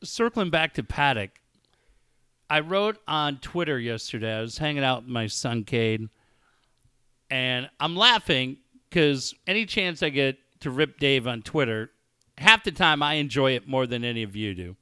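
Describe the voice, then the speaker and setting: Bright crisp-voiced man telling stories. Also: mid-range voice, a little slow, no echo, studio quality. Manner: storytelling with animated quoted dialogue. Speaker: radio show host. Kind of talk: casual chat.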